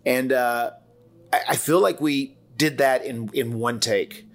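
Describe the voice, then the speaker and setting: A man's voice: mid-range voice, takes it slowly. A man in his forties with a Southern US accent, co-hosting a casual podcast and telling rambling stories full of quoted voices and restarts. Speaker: wrestler and podcast co-host.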